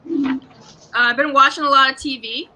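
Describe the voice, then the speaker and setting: Bright, high-voiced sarcastic woman comic. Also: steady tone, normal speed, a little hiss or hum, low-quality recording. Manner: sarcastic, rambling, conversational. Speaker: stand-up comedian. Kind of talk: live-streamed stand-up set.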